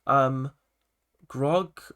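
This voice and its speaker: A man's voice: mid-range voice, drawn-out words, noisy background. A young man casually reviewing a TV episode, rambling with lots of "like" and restarts. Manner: rambling, full of "like" and self-corrections. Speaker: film and TV reviewer.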